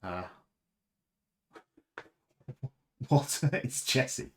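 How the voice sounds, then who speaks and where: A man's voice: medium pitch, drawn-out words, darkish tone, a little hiss or hum. A man hosting a casual livestream chat, rambling and chatty with fillers and laughs. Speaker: livestream host.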